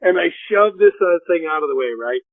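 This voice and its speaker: A podcast host telling stories in a loose, profane way and acting out everyone he quotes. His voice sits fairly high for a man. It comes through a dry, tinny phone line with no room sound. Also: brisk, no room sound. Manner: profane, animated storyteller who acts out quotes. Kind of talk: casual storytelling chat. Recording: phone-line call audio.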